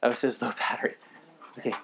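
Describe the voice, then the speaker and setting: A man from the United States preaching a live sermon in a conversational way, swinging between emphatic bursts and quiet asides, a little tired. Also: quick pace. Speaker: pastor.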